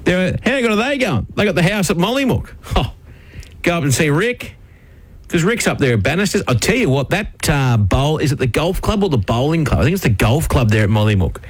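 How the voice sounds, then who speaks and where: An Australian man hosting a radio show, his voice pitched a touch high. He keeps up easy, matey banter with callers, often laughing. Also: very animated, a little fast, slightly rough, no echo. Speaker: radio host. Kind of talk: casual radio chat with callers.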